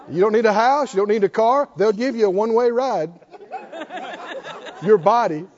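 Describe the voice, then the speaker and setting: This preacher's voice sits high and darkish, unhurried and marked by long pauses, with a faint crowd audible. He poses rhetorical questions, slips in joking asides and prompts the congregation to answer, all on a dull lo-fi recording.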